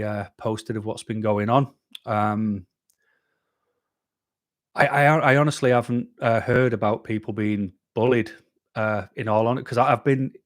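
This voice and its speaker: A man's voice: on the low side, dry recording, clean studio sound. A man hosting a live stream, chatting casually with viewers in a rambling, self-deprecating way, full of ums and restarts.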